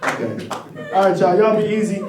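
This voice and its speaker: A man's voice: sits high, expressive, brisk, music in the background. A man doing a stand-up set in a comedy club, profane and laughing at his own jokes. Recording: echoey room from far off, crowd.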